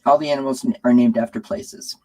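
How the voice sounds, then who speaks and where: A woman in her forties hosting a live stream from home, chatting warmly with viewers and cooing at her cats, with lots of fillers. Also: extremely low pitch, steady tone, fast talker, poor audio. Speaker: tarot channel host.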